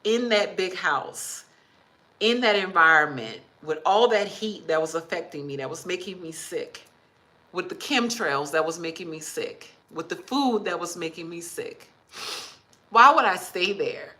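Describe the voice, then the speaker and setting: A woman's voice: on the low side, expressive, measured pace, bright, forceful tone, rough recording. A woman in her fifties talking heartfelt and emotional in a casual livestream, reading viewer comments aloud. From Texas. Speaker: vlogger.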